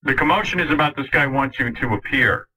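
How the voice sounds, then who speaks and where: A man hosting a radio talk show, teasing his caller with quick interjections. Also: mid-range voice, sharp tone, slightly rough, rough recording.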